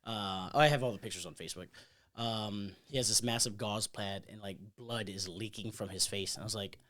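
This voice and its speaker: A man co-hosting a podcast, telling a story in casual chat and acting out what people said with loud, swearing bursts. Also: fairly low pitch, a little fast. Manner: animated, acts out quotes with loud swearing bursts. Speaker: podcast co-host.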